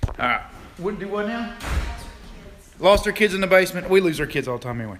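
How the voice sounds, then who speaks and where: Talking fast in a high, lively, slightly bright voice, a livestream host strolls around his yard with his phone in hand. He's folksy and casual, greeting viewers by name, with slight background noise in the audio.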